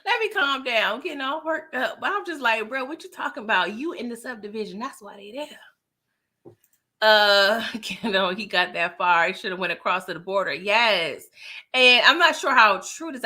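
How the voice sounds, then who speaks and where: A woman recapping a TV episode in a casual vlog, animated and exasperated, talking in slang and often laughing. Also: medium pitch. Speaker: TV recap vlogger. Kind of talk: casual spoken review.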